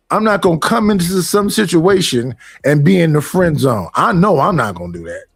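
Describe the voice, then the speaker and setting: Blunt, animated man in a casual discussion. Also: on the high side, moderate pace, gravelly, few pauses, dry recording, soft background music.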